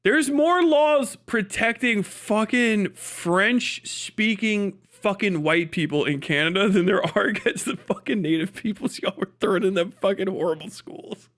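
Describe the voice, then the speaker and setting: A man's voice: high-pitched, measured pace, few pauses, fairly bright tone. An American man ranting crudely and jokingly on a casual live stream. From United States.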